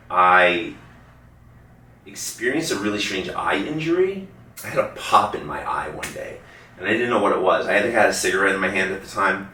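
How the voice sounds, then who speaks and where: Male interview guest with a low voice, loose rambling storyteller who swears casually; roomy echo, faint background noise. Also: bright, forceful tone, far from the mic.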